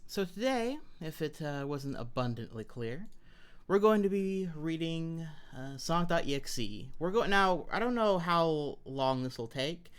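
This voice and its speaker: A woman's voice: deep voice, lively intonation, a little slow, clean tone. An American woman streaming live, chatting playfully and greeting her viewers by name. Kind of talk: casual live-stream chat. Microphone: wearing headphones.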